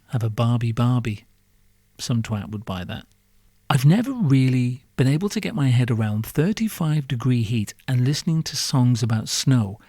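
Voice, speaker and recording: A man's voice: mid-range voice, warm tone, slightly rough, no echo, studio quality. A man hosting a podcast, delivering a sarcastic, profane comic monologue full of rhetorical questions. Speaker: podcast host.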